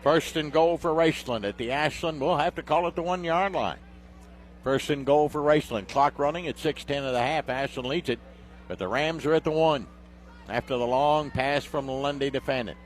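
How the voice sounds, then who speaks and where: A man doing play-by-play commentary of a high school football game on radio, getting loud and excited on big plays. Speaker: play-by-play announcer.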